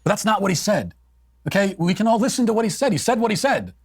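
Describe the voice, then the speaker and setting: A man's voice: high voice, very animated, fast, slightly rough, dry recording, studio quality. A man giving political commentary as a co-host, in an emphatic, argumentative way.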